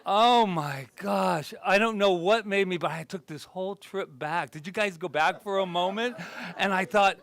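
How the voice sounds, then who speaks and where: A male minister giving a conversational sermon, animated and self-deprecating, then dropping to a soft, reflective tone. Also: sits high, normal speed, creaky. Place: spiritual center gathering.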